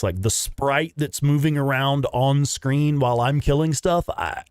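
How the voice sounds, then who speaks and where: A man's voice: mid-range voice, unhurried, hardly any pauses, a little mellow, clear, resonant tone, no echo, studio quality. A young man, chatting casually with viewers while livestreaming a game and swearing now and then. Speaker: livestream gamer.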